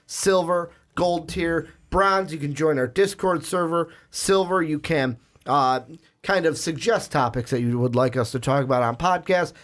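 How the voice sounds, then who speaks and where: Chatty young man hosting a podcast. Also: on the high side. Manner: rambling and chatty, with frequent fillers and restarts. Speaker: podcast host. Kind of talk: casual podcast chat.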